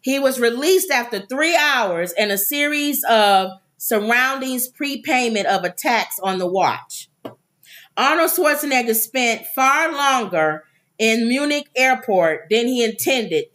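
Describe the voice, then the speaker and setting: Lively woman reading celebrity news. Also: on the high side, measured pace. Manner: reads news aloud, breaks off to joke and do voices. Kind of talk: casual chat and news reading.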